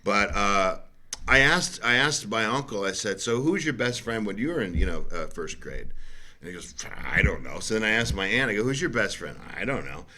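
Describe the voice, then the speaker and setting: Middle-aged male host, bright and lowish voice, rambling anecdotes. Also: big pitch swings, moderate pace. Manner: rambling storyteller, acts out quotes. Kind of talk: casual chat.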